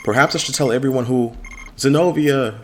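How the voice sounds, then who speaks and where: A man reading the lines of a sharp-tongued female healer in a fantasy game, in a mocking, sarcastic tone. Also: mid-range voice, a little fast, slight background noise, voice pushed up, close to an everyday voice.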